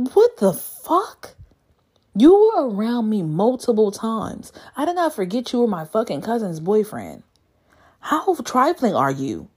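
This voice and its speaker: A young woman vlogging in a loose, swearing rant about dating apps. Her voice swings widely, dropping low and then shooting up into incredulous squeaks. She sounds exasperated and talks straight to her viewers. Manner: animated, profane, exasperated storytelling with sudden high squeals of disbelief. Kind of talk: casual storytelling rant.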